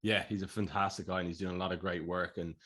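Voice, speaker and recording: A man's voice: low voice, steady tone, quick pace, a bit bright, breathy edge. A man with an Irish accent co-hosting a podcast, chatting casually and telling rambling, jokey stories. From Ireland. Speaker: podcast co-host.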